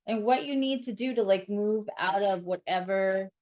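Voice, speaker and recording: A woman's voice: medium pitch, moderate pace, a little mellow, lo-fi sound. A woman giving a casual tarot reading to camera, blunt and sarcastic, and she swears freely. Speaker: astrologer and tarot reader.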